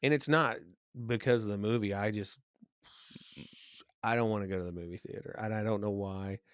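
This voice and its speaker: Easygoing low-voiced man telling anecdotes. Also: fairly even intonation, a little fast, clear, resonant tone, no room sound, studio quality. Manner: easygoing, anecdotal, breaks into loud mock rants. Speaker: podcast co-host. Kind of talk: casual chat.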